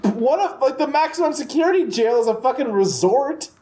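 A woman's voice: high-pitched, expressive, brisk, mellow. A woman co-hosting a casual podcast who adds dry, wry remarks. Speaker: podcast co-host. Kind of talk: casual chat.

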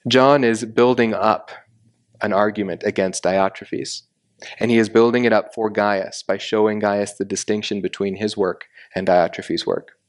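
Man teaching a Bible passage, low voice. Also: fairly even intonation, moderate pace. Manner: methodical, explains Greek grammar step by step.

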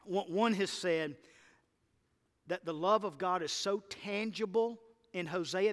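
A man preaching a sermon to his church, impassioned and building to loud emphatic lists. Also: high-pitched, a little slow. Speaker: pastor. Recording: church hall reverb.

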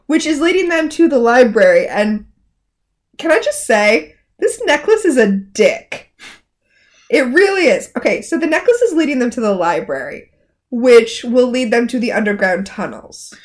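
Woman co-host, fairly high voice, animated and swearing in casual recap chat. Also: normal speed. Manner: animated, exclamatory, swears freely. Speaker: podcast co-host.

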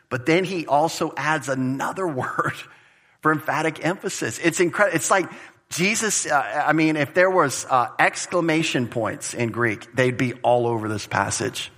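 A man preaching an expository sermon in an emphatic, conversational way. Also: on the high side. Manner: animated, emphatic, conversational preaching with Greek word study. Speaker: pastor.

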